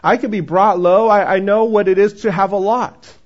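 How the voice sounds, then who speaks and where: A man's voice: high voice, steady tone, moderate pace. A male pastor preaching a sermon in a conversational style and joking with the congregation. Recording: dull, muffled recording.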